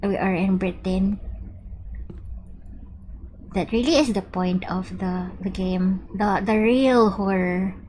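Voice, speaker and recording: Girl streaming a game, chatty, reads the game text out loud, mid pitch, light hiss behind. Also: slow, long pauses. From Philippines. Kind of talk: live gameplay commentary.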